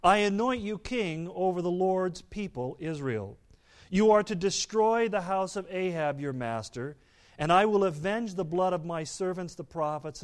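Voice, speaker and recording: A man preaching a sermon, reading scripture aloud and explaining it, turning dramatic and loud on the quoted speech. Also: mid-range voice.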